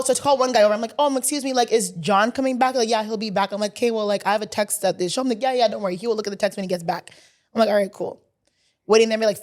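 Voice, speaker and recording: A young woman co-hosting a podcast, telling a story in casual chat, acting out quotes and laughing often. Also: mid-range voice. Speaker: podcast co-host.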